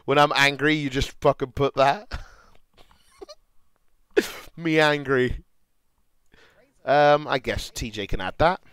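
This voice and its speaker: Young British male streamer, crude and animated reaction chat, slow-paced, dry close mic. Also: mid-range voice, clear, resonant tone, no room sound. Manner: crude, animated, laughs loudly, mutters reading aloud. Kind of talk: casual livestream reaction chat.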